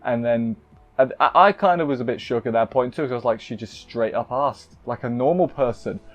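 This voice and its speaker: A man's voice: mid-range voice, brisk, highs cut off. A man casually recapping an anime episode, rambling and cutting himself off with playful asides. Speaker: anime reviewer.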